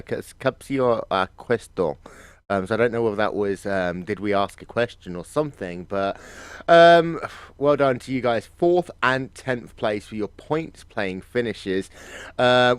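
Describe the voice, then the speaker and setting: A man's voice: mid-range voice, smooth, no echo. A man presenting post-race interviews in a breezy, chatty way. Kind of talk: live sim-racing post-race interviews.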